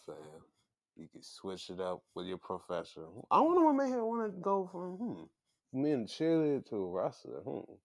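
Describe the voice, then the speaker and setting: A man's voice: on the low side, no room sound, studio quality. A man hosting a show, chatting casually through a recap and acting out what people said. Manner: animated, chatty, acts out quotes. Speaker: show host. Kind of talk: casual wrestling recap commentary.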